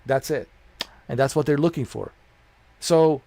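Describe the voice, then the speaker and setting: Middle-aged streamer guy, raspy fry, preachy rant, dead dry sound. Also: on the high side, lively intonation, moderate pace, mellow, dry recording. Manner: blunt, profane, preachy. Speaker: gaming streamer. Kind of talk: livestream rant.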